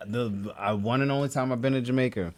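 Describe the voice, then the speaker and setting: A man from New Jersey, a comedian guest on a podcast, chatting casually with quick jokes and banter. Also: mid-range voice. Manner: quick jokey back-and-forth.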